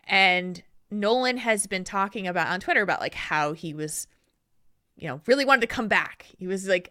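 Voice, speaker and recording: A woman co-hosting a casual podcast chat, telling a story in an animated, self-deprecating way. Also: mid-range voice, normal speed, dry recording, clean studio sound. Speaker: podcast co-host.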